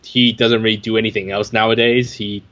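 A man's voice: lowish voice, flat delivery, a little fast, a bit bright. A man reviewing a film in casual chat, wry and chatty with many fillers. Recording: dull lo-fi recording.

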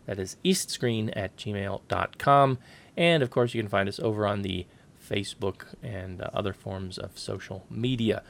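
A man's voice: fairly low pitch, vocal fry. A man hosting a film podcast, wrapping up the show like an announcer and teasing his co-host. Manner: jokey, teasing, brisk announcer-like wrap-up. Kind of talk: podcast sign-off and casual chat.

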